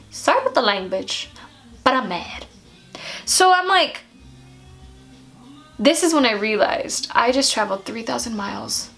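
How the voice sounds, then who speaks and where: Animated, high-voiced woman vlogger. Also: vocal fry. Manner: animated and chatty, many "like"s; talks straight to viewers. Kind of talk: casual storytime vlog.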